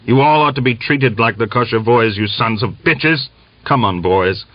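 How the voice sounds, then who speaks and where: A man playing a furious young Cossack executioner who threatens with contempt and shouts thickly. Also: medium pitch, normal speed, dry recording, close to an everyday voice. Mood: furious threatening. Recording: dull lo-fi dry recording.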